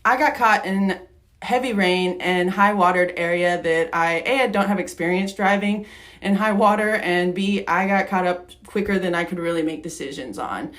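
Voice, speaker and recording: A woman's voice: fairly low pitch, moderate pace, fairly bright tone. A young woman co-hosting a podcast, candidly telling a personal story, getting emotional and laughing through it. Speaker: podcast co-host.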